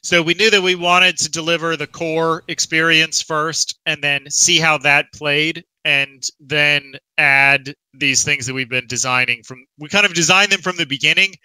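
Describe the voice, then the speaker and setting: A man's voice: fairly high pitch, steady tone, normal speed, few pauses, sharp tone, smooth, no echo, poor audio. A man, a game developer guest, explaining his plans eagerly with some jokes over an online voice call. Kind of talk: casual interview talk.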